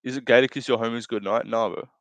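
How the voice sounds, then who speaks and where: A man's voice: medium pitch, fairly even intonation, fast, no echo. Crude, joking young male streamer. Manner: crude joking, laughs often, rambling self-corrections. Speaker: livestream host. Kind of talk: casual live commentary reading chat.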